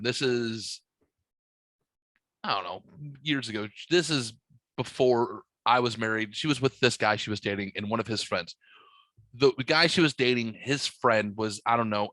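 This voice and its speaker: A man hosting a podcast, telling a story in a boisterous, profane, animated way. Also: mid-range voice, no room sound. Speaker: podcast host. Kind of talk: casual storytelling chat. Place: podcast studio.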